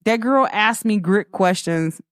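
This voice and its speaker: At a measured pace and medium pitch, the young host gives a casual spiritual pep talk. Expect animated stories, acted-out quoted voices, and frequent laughs, recorded cleanly in a studio with no echo.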